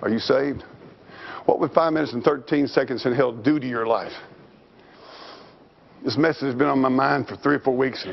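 A man pastor preaching an impassioned sermon to a congregation, shouting at high points and slowing down hard for emphasis. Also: gravelly, muffled recording. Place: church before a congregation.

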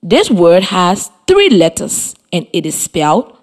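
A woman teacher with a Liberian English accent gives a scripted radio lesson to children. Her voice sits a little low, but her pitch swings widely as she speaks. She takes her time, spelling words letter by letter. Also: very animated, measured pace, a little mellow, slightly rough.

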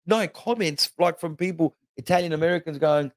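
A man's voice: on the high side, a little fast, dry recording, studio quality. Storytelling Australian man in his forties. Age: 40s. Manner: storytelling, animated, frequent restarts and "you know". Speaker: guest comedian. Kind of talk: casual podcast chat.

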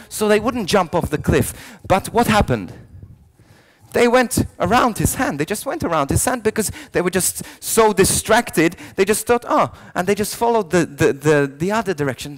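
A priest telling a story in a youth sermon, swinging from soft lines to loud ones and often restarting his words. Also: sits high. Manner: animated storyteller, jumping between hushed lines and loud shouted quotes; frequent restarts and repeated words.

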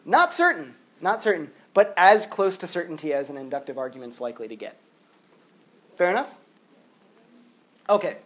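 The voice of this male university philosophy lecturer is on the high side, with a moderate pace and frequent pauses. He talks to the classroom in a chatty, lively way, saying "like" often.

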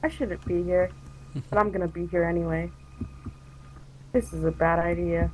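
A woman's voice: on the low side, steady tone, normal speed, slight background noise, rough recording. A woman playing a game with her sibling, chatting casually, playful and jokey with nervous outbursts. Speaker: sibling co-player. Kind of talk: casual gameplay chat.

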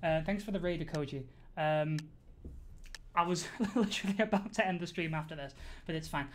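This young woman streams a game on Twitch in a low-pitched voice, talking a little fast over slight background noise. Her commentary wanders, she giggles often, teases herself, and leans on plenty of fillers.

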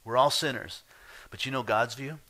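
A man preaching a sermon as pastor, emphatic, swinging from hushed asides to loud, pressing points while chatting to the congregation. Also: mid-range voice, moderate pace.

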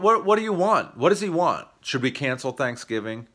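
A man's voice: fairly high pitch, expressive, brisk, few pauses, a bit bright. An American man ranting profanely into the camera for his comedy channel, combative and sarcastic. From United States. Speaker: YouTube comedian. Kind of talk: ranting video monologue.

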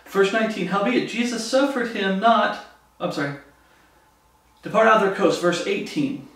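A man preaching a sermon, fervent and animated, acting out the voices of the people in his story. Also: high voice, moderate pace. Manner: fervent, acts out quoted voices. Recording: echoey room from far off.

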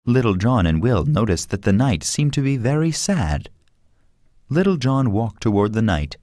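A man narrating an audiobook for English learners in a lively, expressive storytelling manner. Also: medium pitch, moderate pace, no room sound.

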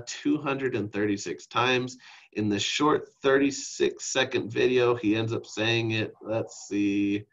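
A man teaching a lesson on speech delivery over slides, who calls his own voice monotone and keeps checking in with "okay?". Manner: self-described monotone, drops into deep exaggerated demos; frequent "okay?" check-ins. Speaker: instructor. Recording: dull lo-fi recording.

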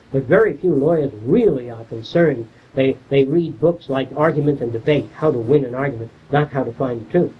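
Heard on distant, muffled 1970s archive tape, this older man speaks a little high and slightly rough. He delivers a loose lecture in a blunt, salty way, animating his anecdotes by playing out bits of conversation.

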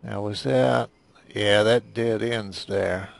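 A man's voice: on the low side, fairly even intonation, slow pace, vocal fry, slight background noise. A man casually commenting on a video game as he plays, rambling and self-deprecating, often muttering to himself. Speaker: gameplay commentator. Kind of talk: casual let's play commentary.

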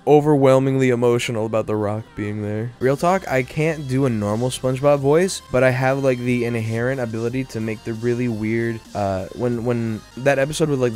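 A young male streamer riffs on the game in loose, rambling commentary full of "like" and half-finished jokes. His voice sits in a plain, middling pitch. He is silly and playful, and he talks straight to his chat. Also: a little mellow. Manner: goofy, rambling jokes with lots of fillers. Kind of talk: casual live-stream commentary.

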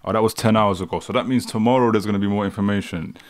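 British man, low voice, slangy live reaction commentary, mocking tone. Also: steady tone, racing. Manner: mocking, laughs often, slangy. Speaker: streamer reacting to news.

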